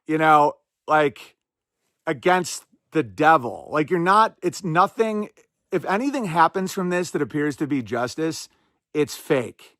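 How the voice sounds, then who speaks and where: A male podcast host talking in a somewhat high voice, rambling through sarcastic commentary full of quick asides. The sound is dry and close, with no room echo. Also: animated, fairly bright tone. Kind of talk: casual commentary.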